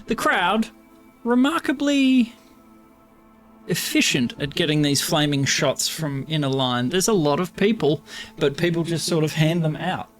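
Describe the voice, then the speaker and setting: Australian man, game master, slightly high voice, relaxed, laughing, faint music behind. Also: measured pace. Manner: relaxed, laughing easily while describing scenes. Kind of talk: narrating a tabletop game. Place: room shared with other players.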